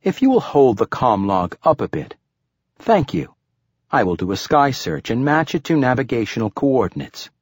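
A man's voice: medium pitch, very animated, normal speed, no room sound, studio quality, voice pushed up. A man voicing a polite, chirpy talking bracelet computer that speaks in a precise, formal, helpful way.

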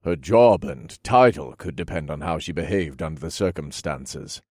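A man reading a novel aloud in measured first-person narration. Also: very deep voice, dry recording, studio quality. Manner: steady, measured storytelling. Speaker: audiobook narrator.

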